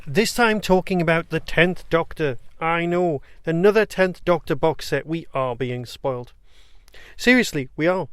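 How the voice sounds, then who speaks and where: A man's voice: on the high side, measured pace, fairly bright tone, clear, resonant tone, dry recording, studio quality. A man hosting his own podcast, reviewing in a chatty, enthusiastic way with rambling asides. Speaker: podcast host. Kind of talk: casual solo review.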